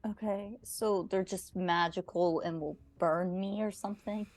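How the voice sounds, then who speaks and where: Gravelly, wry woman player. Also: medium pitch, fairly even intonation, unhurried, dry recording. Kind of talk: tabletop game role-play.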